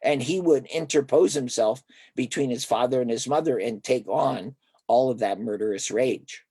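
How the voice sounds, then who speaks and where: A breathy-edged, medium-pitched voice at normal speed belongs to an older therapist sharing stories in a conversational interview. He animatedly acts out the quoted dialogue, and the recording is dry.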